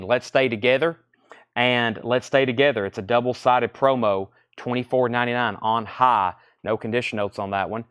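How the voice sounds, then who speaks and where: A man's voice: mid-range voice, a bit bright, smooth, no echo, studio quality. A man running a live record sale, rattling off titles and prices with chatty asides. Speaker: record seller. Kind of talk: live sale stream, casual selling.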